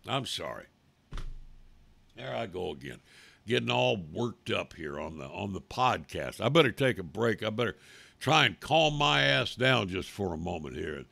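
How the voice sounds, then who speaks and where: Gravelly angry host guy ranting and cussing, voice bouncing all over, bright edge. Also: on the low side, huge pitch swings, unhurried, no echo. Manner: profane, loud, swings from shouting to muttering. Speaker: radio talk host. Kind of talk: angry political rant.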